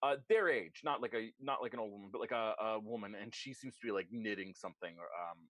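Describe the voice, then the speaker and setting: A man narrating as game master in an online tabletop game, animated and quick to put on voices. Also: fairly low pitch, dry recording.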